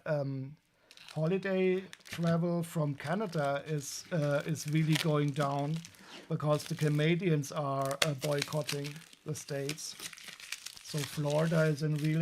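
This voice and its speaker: A man's voice: a little high, background noise. A man with a German accent chatting casually on a live stream while unboxing toys, wry and rambling with frequent restarts.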